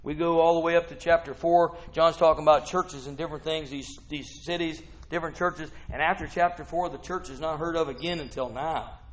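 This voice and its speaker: A man preaching a lively sermon. He reads the text aloud and keeps asking "huh?", swinging from quiet asides to whooping shouts. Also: a little high, brisk, few pauses.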